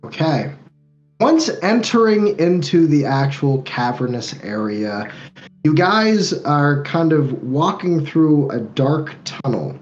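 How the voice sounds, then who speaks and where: A man's voice: fairly high pitch, lively intonation, slow, highs cut off. A man working as game master, narrating a tabletop game in a loose, descriptive way with lots of fillers.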